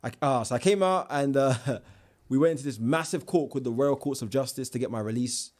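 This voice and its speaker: A young man, a guest telling his own life story in a casual interview, animated, with slang and restarts. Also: mid-range voice, fairly quick.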